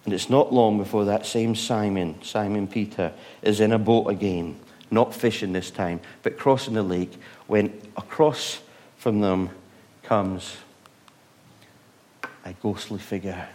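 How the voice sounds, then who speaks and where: A man preaching a sermon, retelling stories with rhetorical questions, moving between loud bursts and hushed moments. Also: lowish voice, fairly even intonation, unhurried.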